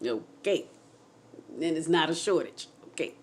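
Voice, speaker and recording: A woman telling her own near-death story to her viewers in an animated, excitable way, speaking straight to them with faith and feeling. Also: low-pitched, unhurried. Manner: testimonial, faith-filled. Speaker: channel host telling a personal story. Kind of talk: emotional personal storytelling.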